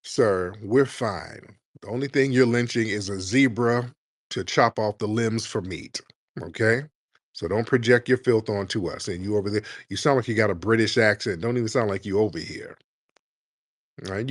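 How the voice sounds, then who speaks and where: A man's voice: on the low side, normal speed, no room sound, studio quality. A man hosting a heated call-in show, arguing and mocking a caller with repeated insults. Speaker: host.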